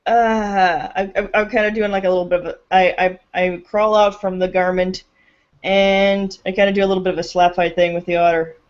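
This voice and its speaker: A woman's voice: medium pitch, little pitch movement, a little fast. A woman playing a tabletop role-play game over voice chat, talking casually with lots of fillers and giggles. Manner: giggly, hesitant with many fillers. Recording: dull lo-fi voice chat audio.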